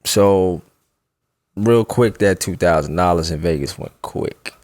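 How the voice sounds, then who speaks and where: A man's voice: low voice, unhurried, a little mellow, no echo, clean studio sound. A man casually telling a long personal story on a podcast, loose and laughing as he goes. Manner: laid-back, laughs while telling a story. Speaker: podcast co-host.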